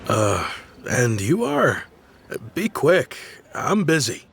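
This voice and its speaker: A man's voice: mid-range voice, wildly swooping pitch, takes it slowly, gravelly, very noisy, full character voice. A man voicing a busy, irritated townsman who brushes people off curtly. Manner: curt, dismissive.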